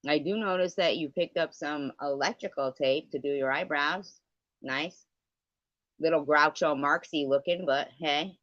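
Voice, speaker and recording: A woman with a deep, fairly bright voice speaks a little slowly while hosting a casual livestream, delivering a rambling, sarcastic, gossipy rant full of profanity. There's no room sound, though the livestream setup gives the recording a dull lo-fi quality.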